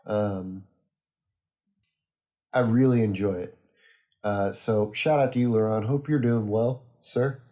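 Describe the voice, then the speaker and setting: Young male podcast host, a little low and warm, easygoing and rambly. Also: steady tone, slow, pauses often. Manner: rambling, easygoing, many ums and uhs. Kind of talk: casual solo podcast monologue.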